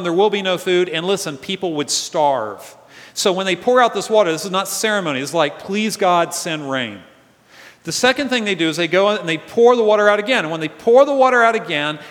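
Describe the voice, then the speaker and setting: A male pastor preaching a conversational sermon, animated, swinging between loud emphatic lines and soft asides. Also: sits high. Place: church sanctuary. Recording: reverberant church hall.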